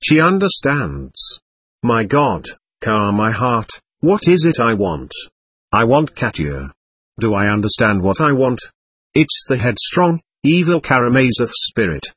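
A man's voice: medium pitch, big pitch swings, measured pace, a bit bright, slightly rough, dry recording, heavily acted. A man voicing a passionate, anguished young prisoner, speaking fervently and pleadingly.

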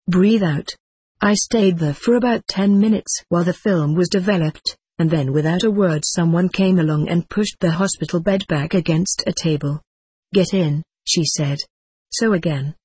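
A man's voice: high voice, a little mellow, husky, no echo. A man reading a first-person memoir in a dry, wry storytelling manner.

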